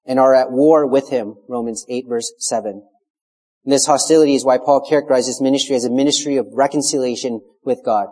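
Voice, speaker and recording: A man delivers an expository sermon with a dark, mellow tone, measured and emphatic as he leans on key words. His voice carries a long reverb, as if it fills a church sanctuary. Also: medium pitch. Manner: measured, emphatic preaching with scripture quotes. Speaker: pastor.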